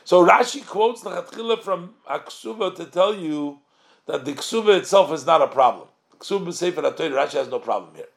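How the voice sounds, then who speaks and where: A man's voice: a little high, vocal fry. A man teaching a religious text study lesson, reading short Hebrew phrases and translating them line by line, asking and answering his own questions. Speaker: Torah teacher.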